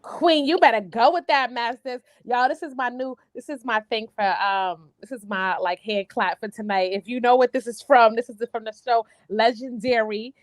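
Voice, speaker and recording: A woman's voice: on the high side, steady tone, normal speed, few pauses, no echo. A woman hosting a live online panel talk, upbeat and encouraging as she moves between guests. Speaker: host.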